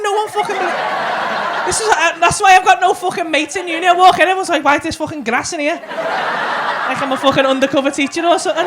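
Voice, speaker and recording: A man's voice: very high voice, heavy background noise. A young man doing stand-up, chatting with the crowd in a rowdy, sweary way. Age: young adult. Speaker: stand-up comedian. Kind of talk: crowd work and stand-up storytelling. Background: audience laughter.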